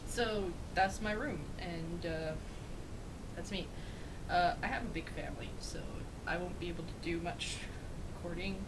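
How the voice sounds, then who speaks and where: A woman's voice: on the low side, normal speed, background noise. A woman giving a rambling, giggly tour of her bedroom in a casual vlog, swearing offhand. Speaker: vlogger.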